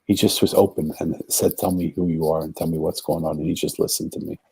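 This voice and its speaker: A man with a low, dark, husky voice tells a story as a podcast guest. He speaks earnestly and acts out the voices of the people he quotes. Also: fairly even intonation, fast. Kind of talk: storytelling in a conversation.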